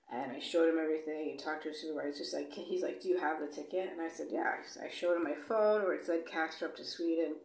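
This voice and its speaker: A woman's voice: low-pitched, vocal fry, slight background noise. A woman telling a travel story in a blunt, casual way, swearing freely and acting out the dialogue. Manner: blunt, swears freely, lots of "like" and "you know"; acts out dialogue when retelling. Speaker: vlogger. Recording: echoey room.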